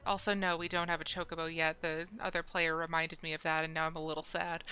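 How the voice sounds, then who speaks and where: A woman's voice: sits low, flat delivery, fast, pushed and bright, clean tone, highs cut off, faint music behind. A woman streaming a video game, chatting casually to her viewers as she plays. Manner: chatty, talks to viewers while playing. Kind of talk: casual live-stream commentary.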